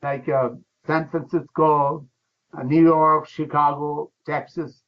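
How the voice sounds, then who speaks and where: Speaking slowly in a fairly high, level voice, an older laughter yoga teacher gives an enthusiastic radio interview in broken English, punctuated by chants and bursts of laughter. The audio has a dull lo-fi radio quality.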